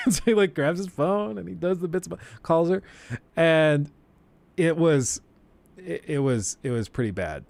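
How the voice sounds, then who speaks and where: A man's voice: a little high, unhurried, gravelly, a little mellow, no room sound. A young man telling a story on a livestream, laughing often and acting out the people he quotes. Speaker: streamer.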